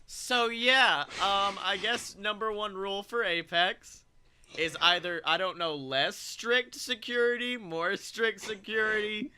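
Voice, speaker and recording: A man's voice: sits high, measured pace, sharp tone, a little hiss or hum. A young man co-hosting a podcast, rambling through a funny story and laughing as he talks. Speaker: podcast co-host. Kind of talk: casual storytelling chat.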